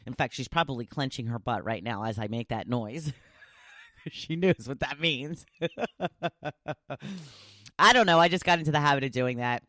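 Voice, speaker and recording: A woman's voice: extremely low pitch, brisk, fairly bright tone, no echo, studio quality. A woman hosting a solo podcast, chatting casually and animatedly, often laughing as she talks. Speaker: podcast host.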